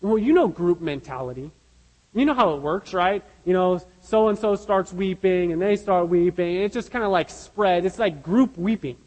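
A man's voice: high-pitched, moderate pace, darkish tone, long reverb tail, low-quality recording. A man preaching a sermon as pastor, earnest and emphatic, asking his listeners rhetorical questions.

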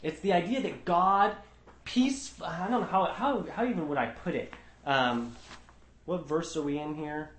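Man leading a Bible study, slightly high voice, earnest and emphatic, roomy echo. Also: measured pace, fairly bright tone, slight background noise. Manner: earnest, emphatic, with frequent restarts.

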